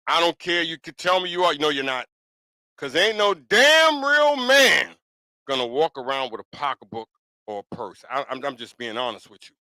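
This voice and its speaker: A man hosting a talk podcast in a loose monologue, with a voice that sits a little high and has a bright, forceful edge. He hammers his points home bluntly and keeps circling back to them. The sound is dry and close, with almost no room around it. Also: sing-song, normal speed, no room sound. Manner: blunt, emphatic and repetitive, with frequent "you know what I'm saying". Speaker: podcast talk show host. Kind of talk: casual opinion monologue.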